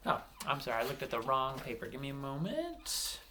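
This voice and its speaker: A male teacher gives a lesson for young children in a bright, forceful voice. His pitch jumps all over as he chants rhymes and claps out syllables. He spells words slowly and clearly, one letter at a time. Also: wildly swooping pitch, a little hiss or hum. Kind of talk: early-grade reading lesson for children.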